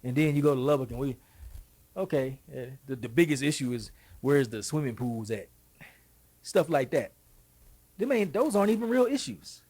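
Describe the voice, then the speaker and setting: A middle-aged Texan man hosting a show, talking in an animated, folksy monologue with quick asides and a husky voice. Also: mid-range voice. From Texas. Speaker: show host. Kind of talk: casual monologue.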